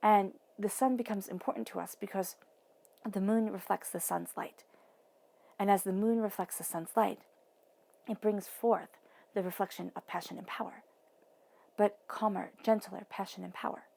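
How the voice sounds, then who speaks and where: A woman giving a tarot reading, soothing, sometimes dropping to a soft whisper, with playful asides. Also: medium pitch, fairly even intonation, moderate pace, creaky. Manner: playful asides, acts out voices in quotes. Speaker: tarot reader. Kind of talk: intuitive tarot reading monologue.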